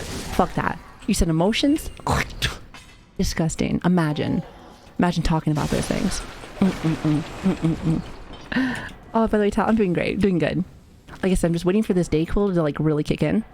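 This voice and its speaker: Recovering from a recent illness, a woman chats with her live-stream viewers in a lowish, slightly mellow voice at a somewhat fast clip, cursing, joking, and laughing often. A little hiss or hum sits in the recording.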